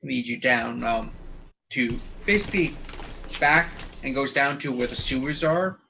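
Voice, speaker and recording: A man's voice: mid-range voice, measured pace, vocal fry, sharp tone, slight background noise, poor audio. A man running a tabletop game as game master, narrating in a casual, rambling way.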